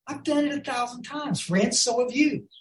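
A recovery speaker with a very high-pitched voice talks at normal speed, spinning folksy stories for a group. He addresses them as "y'all" and often asks if they're with him, all in an echoey room.

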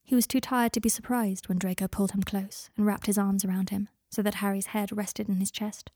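A woman reads a story aloud with an even, intimate manner. Her voice sits at a middle pitch and the recording is close and dry, with no room sound. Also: fairly quick, no echo. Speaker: narrator. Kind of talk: audiobook fan fiction reading.

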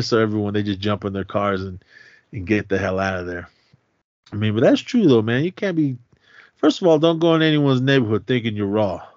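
A man's voice: on the low side, brisk, dry recording. A man co-hosting a podcast, casually recapping a movie scene by scene with lots of swearing and laughter. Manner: profane, animated retelling with frequent laughs. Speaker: podcast co-host. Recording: dull, dry lo-fi podcast mic.

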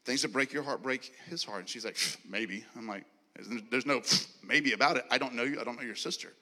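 A man preaches in a large church hall, acting out each line of his story with a bright, forceful voice. His words ring out with a long reverb trailing behind them. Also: medium pitch, quick pace. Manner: animated, acts out dialogue, laughs and clears throat often. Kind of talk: sermon storytelling.

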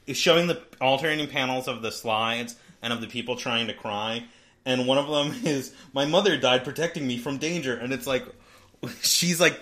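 Man, mid pitch, relaxed talker, retells scenes with little laughs, casual podcast chat. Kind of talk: casual book discussion.

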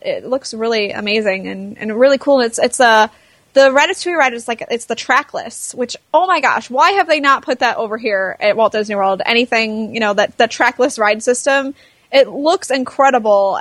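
A woman's voice: fairly high pitch, a bit bright, no echo. A woman co-hosting a live show, chatting in a rambling way with lots of fillers. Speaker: co-host. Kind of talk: casual live show chat.

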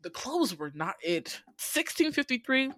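A woman hosting a podcast, recapping a movie in a casual, profane and animated way, laughing often. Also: high voice, unhurried. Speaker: podcast host.

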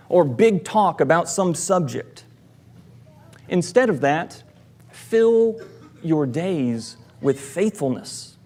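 A man, a church elder, preaching a sermon in a measured, deliberate way, giving quoted lines with emphasis. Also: fairly high pitch, animated, a little mellow. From American South.

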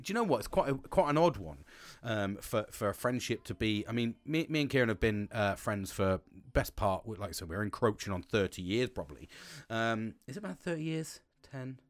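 A man's voice: mid-range voice, animated, a little fast, no echo. A man in his forties, hosting a casual podcast monologue in a rambling, sweary, self-mocking way. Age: 40s.

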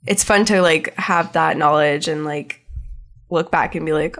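A woman's voice: sits low, unhurried, fairly bright tone. A young adult woman co-hosting a casual chat, talking loosely with many fillers and frequent laughter. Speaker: podcast co-host.

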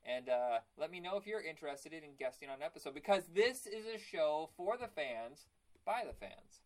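A man's voice: a little high, lively intonation, moderate pace, darkish tone, poor audio. A young man hosting a podcast in casual chat, rambling and stumbling over his words. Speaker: podcast host.

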